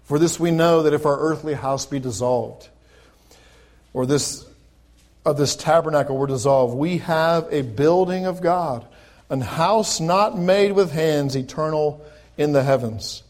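A male pastor preaching a sermon, reading scripture aloud and then explaining it in conversational asides. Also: fairly high pitch. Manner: rises to loud, slow, emphatic preaching when reading scripture; conversational asides between quoted verses.

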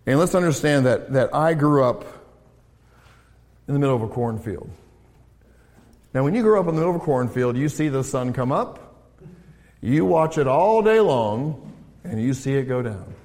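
A middle-aged American man preaching a sermon as pastor and counselor, animated, swinging between raised emphasis and low, quiet asides. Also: normal speed, pauses often. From United States. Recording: long hall reverb.

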